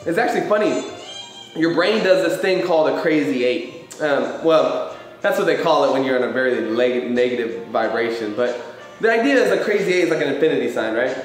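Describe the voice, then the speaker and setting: A man hosting a live question-and-answer show, talking in a loose, animated way about feelings and life and swearing casually. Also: medium pitch, a little fast, faint music behind. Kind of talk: casual motivational chat. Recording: very echoey room.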